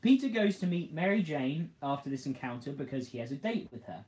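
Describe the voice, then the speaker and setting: A man's voice: on the high side, sing-song, a little fast, a little mellow. A man co-hosting a casual podcast review, laughing a lot and acting out scenes. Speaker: podcast co-host. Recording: echoey room.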